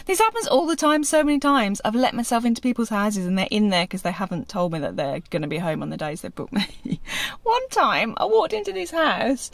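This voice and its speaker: A woman's voice: a little high, very animated, a little fast. A woman vlogging casually as a pet sitter, chatting to the camera and cooing playfully at the pets. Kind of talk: casual vlog chat.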